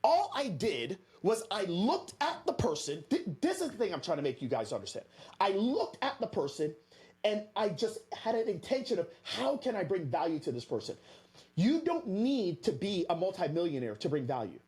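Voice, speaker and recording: Energetic guy from florida on a podcast, kinda husky, pitch all over the place, talks right to you. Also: normal speed. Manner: energetic, emphatic, addresses listeners directly. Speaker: podcast guest. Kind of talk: animated storytelling to an audience.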